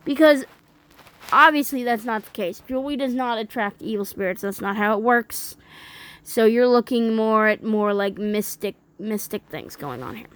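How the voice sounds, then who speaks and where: A woman reading a critique aloud and breaking off into indignant, incredulous commentary, with some halting restarts. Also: a little high, a bit bright. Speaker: religious commentator.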